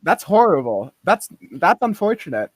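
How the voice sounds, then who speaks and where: A man chatting on a podcast, playful and rambling, laughing through his sentences. His pitch leaps around in a lively, sing-song way, and the recording is close and dry with no room sound. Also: normal speed, breathy edge, no room sound. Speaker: podcast co-host. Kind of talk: casual chat.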